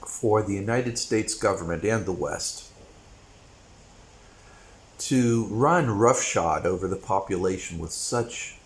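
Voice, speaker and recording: Guy with a lowish voice going on an opinion rant, rambly, punches words now and then. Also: slight background noise, low-quality recording. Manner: opinionated, rambling, with sudden bursts of emphasis. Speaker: commentary channel host. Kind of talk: opinion monologue.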